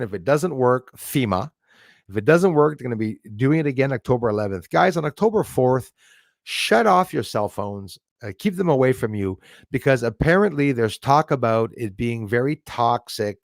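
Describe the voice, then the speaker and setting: A man's voice: mid-range voice, no room sound, studio quality. A man, hosting a live stream, ranting with strong opinions and greeting viewers by name. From Canada. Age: 40s. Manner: ranting, opinionated, laughs between remarks. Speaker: livestream host. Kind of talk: casual live-stream chat reading viewer comments.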